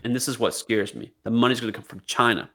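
A man's voice: mid-range voice, steady tone, quick pace, bright, forceful tone. Profane man ranting on a podcast. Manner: profane, joking, rambling with restarts. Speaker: podcast co-host. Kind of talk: casual political chat.

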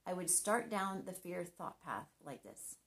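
Middle-aged woman speaker, lowish voice, earnest devotional talk with a light touch of humor. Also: big pitch swings, unhurried, vocal fry. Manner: earnest and conversational, with gentle humor. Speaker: Christian marriage speaker.

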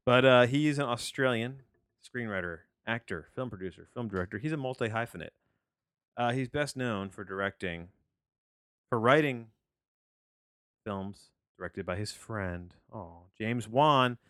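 A man's voice: medium pitch, lively intonation, a little slow, a bit bright, clear, resonant tone, no room sound, clean studio sound. A man hosting a podcast, talking through a movie review in a casual, rambling way with many restarts and wry asides.

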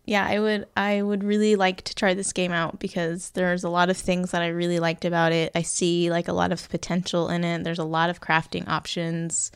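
A woman's voice: lowish voice, little pitch movement, moderate pace, few pauses, clean tone, no room sound. A woman chatting casually about a video game, hesitant, with many fillers. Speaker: co-host. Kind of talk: casual gaming chat.

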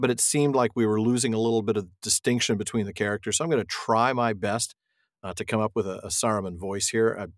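A man's voice: lowish voice, no echo, clean studio sound. A man hosting a book podcast, chatting casually and joking, laughing often. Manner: jokey, animated, laughs often. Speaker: podcast host reading the book. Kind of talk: casual chat.

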